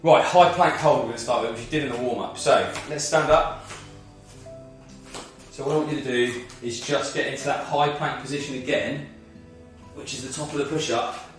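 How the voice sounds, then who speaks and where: A man's voice: mid-range voice, steady tone, normal speed, heavy reverb, far from the mic, soft background music. A man leading a guided movement and mindfulness workout as a fitness instructor, slightly out of breath, talking through each move step by step. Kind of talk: guided exercise class.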